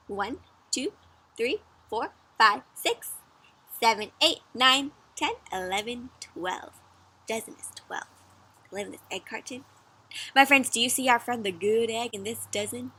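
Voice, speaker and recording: Woman reading a picture book to little kids, teacherly, keeps asking questions, bright fairly high voice. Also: lively intonation, unhurried, long pauses, breathy edge. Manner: warm teacherly, asks children questions. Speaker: children's story reader. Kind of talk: interactive read-aloud for kids.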